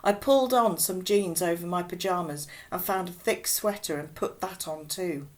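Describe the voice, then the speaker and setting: A woman reading a children's novel aloud with expressive, unhurried storybook narration. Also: lowish voice. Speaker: audiobook reader.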